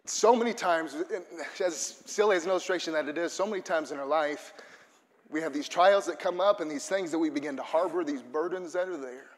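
A man's voice: a little high, a little fast, in a large hall. A man preaching a sermon to his congregation, earnest and building to fervent emphasis. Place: church auditorium.

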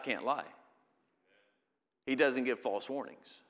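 Slow, bright-voiced preacher in a reverberant hall. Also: male voice, mid-range voice, expressive. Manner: slow, swelling to loud emphatic peaks when reading scripture. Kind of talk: sermon.

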